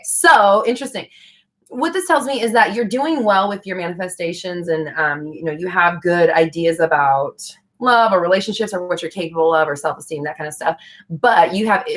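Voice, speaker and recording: A woman's voice: on the low side, a bit bright. A young woman hosting a casual live stream, answering viewer questions in a chatty, frank way with casual swearing.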